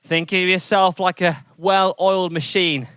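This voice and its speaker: A man coaching an indoor cycling workout, energetic and encouraging as he calls out intervals and counts down, sweating as he rides. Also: high voice, a little slow, smooth, dry recording, studio quality. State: sweating from exertion. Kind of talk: coaching a training session.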